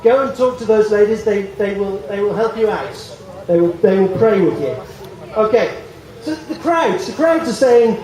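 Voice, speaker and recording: A man preaching outdoors to a crowd, animated and joking, acting out voices from the stories he tells. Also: sits high, moderate pace. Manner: animated, jokey, acts out biblical voices. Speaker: street preacher. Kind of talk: outdoor evangelistic talk. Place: outdoors in a public square. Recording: echoey from far off.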